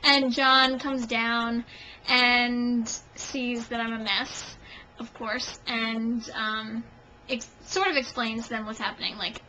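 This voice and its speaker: A young woman vlogging at home, telling a long story to the camera in an animated, self-mocking way. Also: fairly high pitch, a little slow, slight background noise, rough recording.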